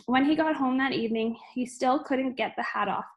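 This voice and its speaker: A woman reading a children's book aloud at an unhurried pace, with frequent small slips and restarts. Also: high voice. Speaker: reader.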